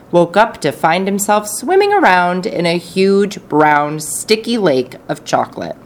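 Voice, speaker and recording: A woman narrating an audiobook with expressive, animated storytelling. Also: lowish voice. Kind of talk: audiobook reading.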